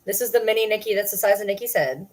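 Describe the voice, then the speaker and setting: A woman's voice: medium pitch, fast talker, darkish tone. A woman chatting casually on a livestream from home, talking playful baby talk to the dogs on her lap and laughing often.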